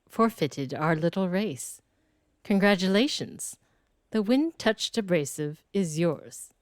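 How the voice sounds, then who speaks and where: A woman's voice: on the low side, a little mellow, no echo, studio quality. A woman reading aloud a refined, theatrical quest-giver from a fantasy game, in formal, ornate speech.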